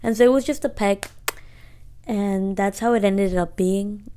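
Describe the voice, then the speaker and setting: A woman's voice: medium pitch, a little slow, mellow, a little hiss or hum. A woman in her twenties telling a story in casual, slangy talk, re-enacting dialogue as she goes. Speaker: podcast co-host.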